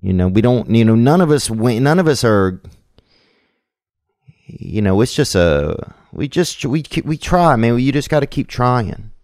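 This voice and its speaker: A man's voice: mid-range voice, expressive, measured pace, a little mellow, no echo, studio quality. A man hosting a podcast in casual chat, rambling and profane, scattering "man" and "bro" through his talk. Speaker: podcast host.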